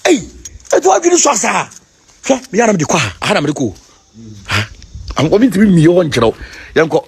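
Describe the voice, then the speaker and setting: High-voiced, husky Ghanaian man preaching. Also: fast. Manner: chanting, repetitive, excitable. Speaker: self-styled spiritual leader. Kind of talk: animated call-and-response preaching.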